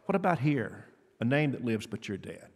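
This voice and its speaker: A man's voice: medium pitch, sing-song, moderate pace, husky. A man preaching a sermon in an earnest, conversational way, asking his listeners questions. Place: church auditorium. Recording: long reverb of a church hall.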